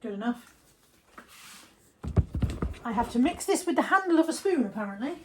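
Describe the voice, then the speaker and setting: A woman's voice: fairly high pitch, big pitch swings, moderate pace, noisy background. Chatty woman vlogging at home. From England. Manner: chatty, self-deprecating, often drops to a near whisper. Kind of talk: casual daily vlog chat. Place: home kitchen.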